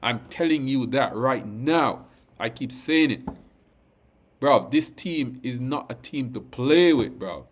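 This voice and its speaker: A man hosting a football fan channel, talking in slangy, animated bursts. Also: medium pitch, takes it slowly. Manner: animated, slangy, punctuates lines with "bruv". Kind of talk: excited fan reaction vlog.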